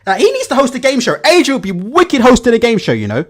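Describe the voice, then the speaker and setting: A man hosting a reaction video, giving animated, mock-emotional commentary and laughing a lot. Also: very high-pitched, quick pace.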